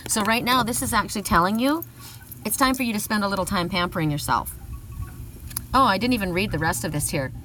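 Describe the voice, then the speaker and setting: A woman's voice: medium pitch, quick pace, bright, forceful tone, far from the mic, a little hiss or hum, poor audio. A middle-aged woman giving a casual oracle card reading, chatty, often laughing, whooping and swearing.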